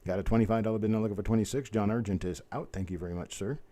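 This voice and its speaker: This man hosts a live online coin auction, chanting rapid bid calls and slipping into folksy, easygoing chatter between them. His pitch is fairly low, his intonation fairly even, and his voice mellow.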